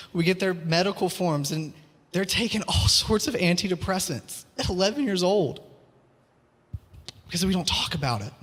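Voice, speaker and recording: A man's voice: high-pitched, a bit bright. A man preaching a sermon, earnest and pleading, repeating his phrases; he also teaches school. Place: church hall. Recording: long hall reverb.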